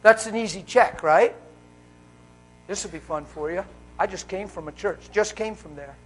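High-voiced fervent male preacher. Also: moderate pace, husky, low-quality recording. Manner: fervent, swings from loud exclaiming to hushed. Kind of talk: live sermon. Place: church service. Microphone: wearing a mic.

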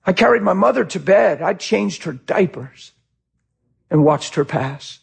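A middle-aged male pastor preaching a sermon with passion, swinging from shouts to quiet, heartfelt talk. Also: sits high, expressive, a little slow, vocal fry, slightly rough.

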